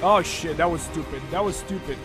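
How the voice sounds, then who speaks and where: A man commentating his own gameplay on a live stream, thinking aloud with lots of fillers and breaking into loud, excited shouts. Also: a little high, a little fast, over music. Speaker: game streamer.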